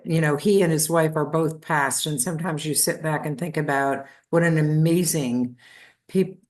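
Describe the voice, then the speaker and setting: A woman in her seventies, a podcast guest, telling a childhood story in a lively, anecdotal way. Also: low voice, moderate pace. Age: 70s. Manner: lively anecdotal storyteller, acts out voices of family.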